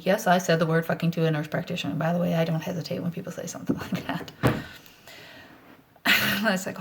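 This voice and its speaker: A middle-aged woman talking candidly in a personal vlog, rambling and blunt, swearing freely, anxious, and often dropping into a soft whisper. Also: on the low side, steady tone, brisk, creaky, pauses often, slight background noise. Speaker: vlogger.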